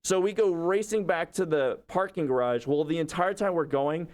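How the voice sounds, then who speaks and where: Male streamer, casual storyteller, a bit high-pitched, filler-heavy and animated. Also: normal speed. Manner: rambling, lots of "like" and restarts; animated retelling, acting out quotes. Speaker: livestreamer.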